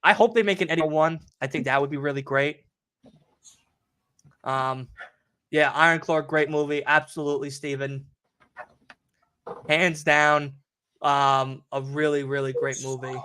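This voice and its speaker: Young New York guy, podcast host, rambling and swearing, voice on the higher side. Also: measured pace, pauses often, smooth. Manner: rambling, profane, animated storytelling. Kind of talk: casual chat.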